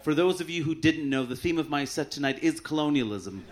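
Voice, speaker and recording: A man doing a stand-up set on a club stage with a handheld mic, dry and deadpan, putting on quick voices for his bits. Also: on the high side, crowd noise. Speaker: stand-up comedian. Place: comedy club stage with audience laughter. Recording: live club recording with clear audience noise.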